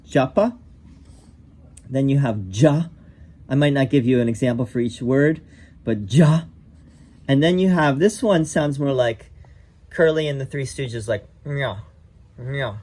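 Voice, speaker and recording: A man's voice: medium pitch, darkish tone. A man teaching as a yoga teacher, explaining pronunciation patiently, correcting himself and saying each sound aloud.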